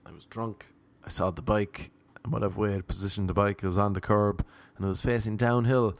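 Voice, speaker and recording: A man's voice: lowish voice, steady tone, a little fast. A young Irish man telling a rambling, self-mocking anecdote in casual chat, slipping into voices for the people he quotes. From Ireland. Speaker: storyteller.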